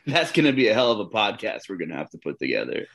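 A man with a fairly low voice co-hosts a fantasy basketball podcast. He banters in a loose, joking way and often slips into sarcasm. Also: huge pitch swings, quick pace, creaky, a bit bright. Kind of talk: casual sports podcast chat.

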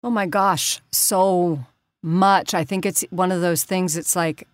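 A middle-aged woman voice actor in a casual interview, animated and prone to slipping into character voices. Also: on the low side, slow, no echo. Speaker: voice actor and voice director.

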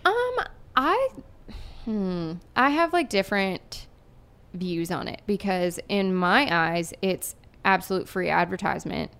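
A woman's voice: medium pitch, big pitch swings, slow pace, fairly bright tone. A woman from Erie, Pennsylvania, a singer-songwriter guest talking casually in a podcast interview, chatty and earnest with lots of fillers.

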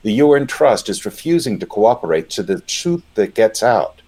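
A man's voice: fairly low pitch, big pitch swings, moderate pace, darkish tone. A man giving impassioned commentary, indignant and emphatic. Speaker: panelist.

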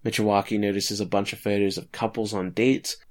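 A man's voice: fairly low pitch, level tone, a little fast. A man co-hosting a podcast, casually recapping an episode with filler words and light chuckles. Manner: laid-back summarizing with filler words and chuckles.

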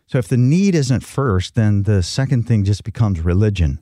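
A man co-hosting a casual devotional chat, reflective and gently explaining. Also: lowish voice, lively intonation, normal speed, no room sound, clean studio sound. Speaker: co-host.

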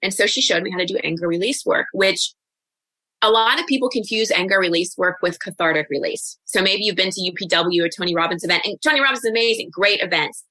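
Speaking close to the mic with no echo, a guest coach in her forties talks candidly and reflectively in a podcast interview, adding quick asides. Her voice is bright and rather low, and the recording is dry.

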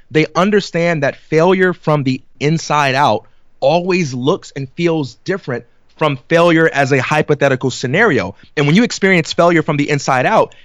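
A man chatting on a podcast, his voice sitting a bit high for a man and recorded dry and close. He tells stories in a casual way and acts out the back-and-forth of conversations. He laughs easily as he talks. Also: fairly bright tone, no echo. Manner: storytelling, acts out quoted exchanges; reflective, laughs often. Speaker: podcast co-host.

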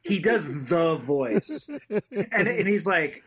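A man hosting a casual comedy podcast, telling animated stories and swearing freely. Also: high-pitched, takes it slowly, breathy edge. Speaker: podcast host.

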